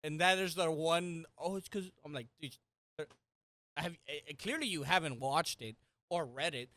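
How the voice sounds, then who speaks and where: A woman co-hosting a casual podcast chat, ranting heatedly and swearing often, with loud exasperated outbursts. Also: low-pitched, moderate pace, dry recording. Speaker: podcast co-host.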